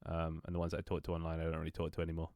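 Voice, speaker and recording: A young Londoner with a very low, darkish voice rambles to his stream viewers, talking very fast in a completely flat delivery. He swears casually, restarts often, trips over his words, and laughs a lot, and the sound is dry and close.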